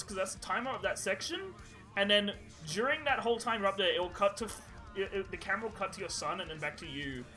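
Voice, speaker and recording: Podcast co-host, man, high voice, rambling and profane, music bed behind. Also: pushed and bright, low-quality recording. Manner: rambling, swears often, laughs while telling stories. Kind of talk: casual chat.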